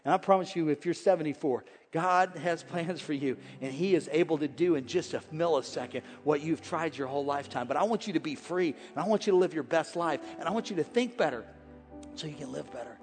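High-voiced energetic male pastor preaching. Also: a little fast, big-room sound, faint music behind. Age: 40s. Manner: energetic, swings from shouting to hushed; folksy, joking preacher. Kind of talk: sermon. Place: large church hall with congregation.

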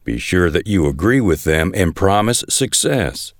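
A man's voice: sits low, very animated, unhurried, dry recording, studio quality, exaggerated voice. A man reading scripture aloud, voicing an anxious royal messenger urging caution.

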